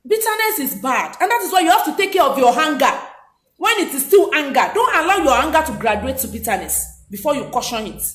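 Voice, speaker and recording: A woman's voice: high voice, sing-song, fairly quick, a bit bright. A woman giving a motivational talk, speaking emphatically and repeating her key points. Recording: roomy echo.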